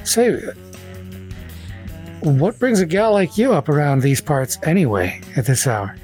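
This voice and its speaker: A man voicing a tall, sharp male high elf police officer who speaks in an oily, mock-polite, threatening way. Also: sing-song, measured pace, soft background music. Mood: falsely kind.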